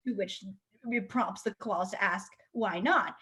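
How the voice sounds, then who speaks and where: A woman improv performer telling jokes over a video call with a dry, deliberate delivery. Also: mid-range voice, animated, noisy background.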